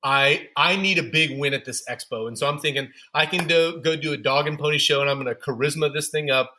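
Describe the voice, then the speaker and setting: A man's voice: fairly high pitch, fairly quick, bright, forceful tone. A man guest on a podcast interview, telling candid, self-deprecating stories about building his running store business.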